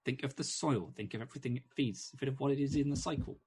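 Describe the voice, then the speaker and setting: A man's voice: medium pitch, quick pace, a little mellow, breathy edge, voice pushed up. A man voicing a small cryptic hummingbird spirit guide that talks in clipped, broken phrases. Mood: coaxing.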